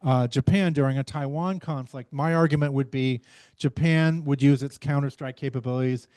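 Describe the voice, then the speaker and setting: A man presents his research in a measured academic talk, pausing on fillers and correcting himself as he goes. His voice sits in the middle range, recorded dry and close with little room sound. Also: mid-range voice, fairly even intonation, mellow, no room sound. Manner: measured, frequent fillers and restarts.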